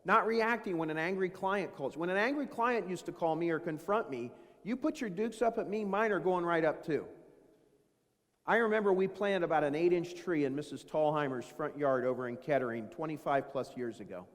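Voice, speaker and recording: A man's voice: fairly high pitch, brisk. Folksy man speaking in a reverberant hall. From Dayton, Ohio. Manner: folksy storytelling, self-deprecating asides. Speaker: keynote speaker. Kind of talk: motivational business talk. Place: large event hall.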